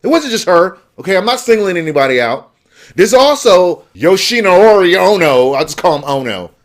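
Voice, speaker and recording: Annoyed gamer guy venting, kinda high voice, sarcastic. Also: sing-song, normal speed. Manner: heated, exasperated, sarcastic. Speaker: gaming vlogger. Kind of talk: angry rant.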